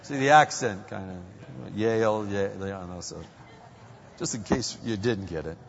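A man preaching a sermon, an animated storyteller who swings from loud bursts to hushed tones. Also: on the low side, normal speed, gravelly, faint music behind. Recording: muffled hall recording with long reverb.

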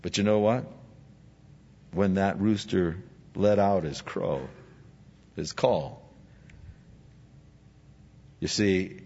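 A male pastor preaching a sermon, animated, acting out biblical figures in dialogue. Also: deep voice, very slow, pauses often, breathy edge. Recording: dull sound with long hall reverb.

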